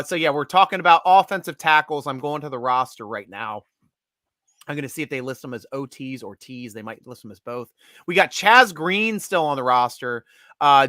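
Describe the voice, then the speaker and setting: A man hosting a live sports chat stream, excitable, laughing often and talking in quick bursts. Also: a little high, no room sound, studio quality. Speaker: host.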